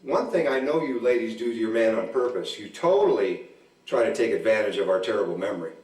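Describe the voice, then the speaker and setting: A man in his forties doing stand-up comedy at a church event, telling deadpan stories about his marriage and acting out both sides of the arguments. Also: on the low side, a little fast. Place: church hall. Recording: echoey hall, mic from a distance.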